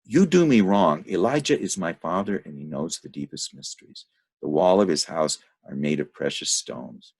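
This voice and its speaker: A man's voice: low-pitched, animated, moderate pace, a little mellow, breathy edge, heavily acted. A man reading as a blind pleading temptress.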